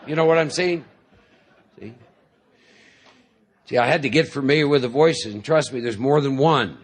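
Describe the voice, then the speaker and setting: A man with a husky, slightly breathy voice gives a talk to a live audience at a recovery meeting. He speaks conversationally and likes to joke, acts out little inner voices, and keeps checking in with his listeners. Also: mid-range voice, normal speed, pauses often.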